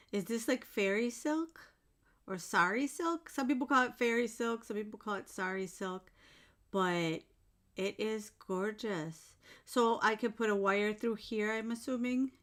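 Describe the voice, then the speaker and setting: Her voice is on the high side, fairly bright and a little slow. This woman, a jewelry-making vlogger, unboxes items in her home bedroom-turned-filming-room, talking casually to viewers in an effusive way and exclaiming often with delight.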